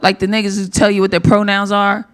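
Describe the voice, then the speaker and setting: A woman performing a live stand-up set on a comedy club stage, brash and profane, with sudden loud outbursts. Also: medium pitch, monotone, fast, smooth.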